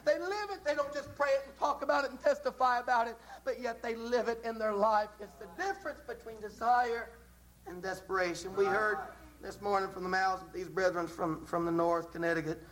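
Male preacher, high tenor voice, fervent and repetitive delivery, sermon style. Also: brisk, a bit bright, rough recording. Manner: impassioned, repetitive, with dramatic rises.

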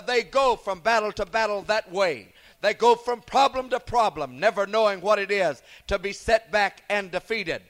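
A man preaching a revival sermon, emphatic, repeating "Praise God" and slowing down to stress scripture. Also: high-pitched, a bit bright.

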